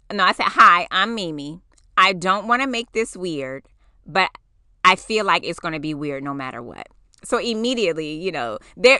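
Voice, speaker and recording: A woman in her forties tells a story on her podcast with a bright, lively voice that swings high and low as she acts out what people said. She talks casually, swears freely, and the recording is dry and close. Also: dry recording. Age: 40s. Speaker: podcast host.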